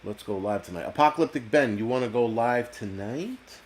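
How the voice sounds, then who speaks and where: A man hosting his own live stream, talking straight into a computer mic in a loose, profane rant. He is blunt and opinionated and keeps breaking off to answer the chat. His voice sits at an ordinary middle pitch for a man. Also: normal speed. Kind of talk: casual ranting live stream. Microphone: computer mic on a video call.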